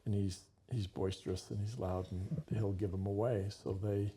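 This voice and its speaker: A man's voice: on the low side, steady tone, normal speed, mellow, a little hiss or hum. A man hosting a talk show, telling a story in a vivid conversational way and acting out the dialogue.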